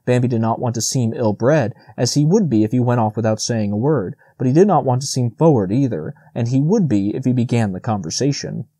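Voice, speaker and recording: A male audiobook narrator reading a classic animal tale in a steady, measured way. His voice is mellow and rounded, and the recording is dry and close with no room sound. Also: medium pitch, husky, dry recording. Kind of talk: scripted narration.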